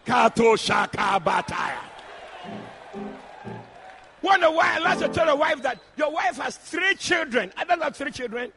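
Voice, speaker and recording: A man preaching a sermon in church, shouting and calling out to the congregation. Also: extremely high pitch, moderate pace, few pauses, faint music behind, some chatter behind. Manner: shouting, animated, addressing the congregation directly.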